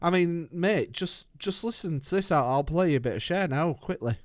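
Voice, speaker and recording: A British man co-hosting a casual chat show, chatty and quick to laugh. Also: a little high, lively intonation. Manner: chatty, laughs often, slips into jokey accents. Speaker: co-host.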